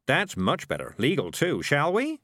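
A man's voice: on the high side, wildly swooping pitch, normal speed, fairly bright tone, no room sound, clean studio sound, voice pushed up, full character voice. Male narrator as a sly, chirpy con-artist cat, bouncy lilting delivery, storybook. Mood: wheedling. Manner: cheerful, wheedling, persuasive. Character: smooth-talking scheming male talking cat.

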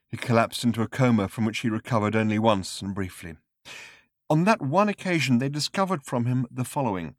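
A man narrating a story in a dry, measured storytelling voice. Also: medium pitch, no echo. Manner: dry, measured storytelling with varied expressive delivery. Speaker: audiobook narrator. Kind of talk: scripted narration.

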